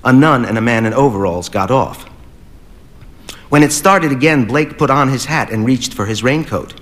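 A man narrating a short story as an audiobook, in a measured, even reading. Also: mid-range voice.

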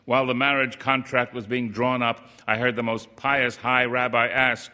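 A man's voice: medium pitch, flat delivery, normal speed, few pauses, bright, forceful tone. A man reading a first-person story aloud in a plain, wry, rueful storytelling manner.

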